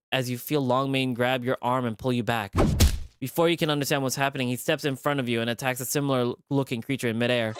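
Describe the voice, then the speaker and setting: Animated streamer reading a visual novel. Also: medium pitch, heavy background noise. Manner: animated, jumps into character voices. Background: background music.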